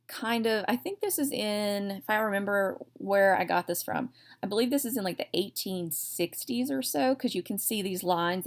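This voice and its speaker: A woman's voice: mid-range voice, creaky. A woman history teacher giving a recorded lecture in a chatty, digressive way, with self-deprecating jokes.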